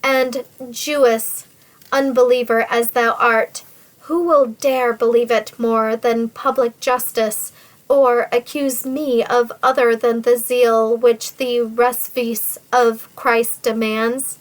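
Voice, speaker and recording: Brief: vengeful sneering villain nobleman, woman reading, slow menacing delivery. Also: on the high side, level tone, low-quality recording. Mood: threatening. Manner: sneering, menacing, archaic formal speech. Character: scheming, vengeful nobleman threatening a captive woman.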